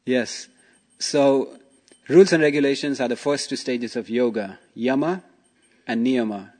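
A man's voice: medium pitch, unhurried, darkish tone. A man giving a casual spiritual talk as a teacher, telling stories and asking rhetorical questions. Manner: chatty, asks rhetorical questions, frequent 'you know' and 'okay'.

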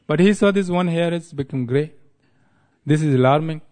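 A man with a fairly high voice gives a devotional talk, telling a sacred story at an unhurried pace. He explains terms and repeats lines for emphasis. Now and then he chuckles at a pun of his own. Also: a little mellow. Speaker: spiritual speaker.

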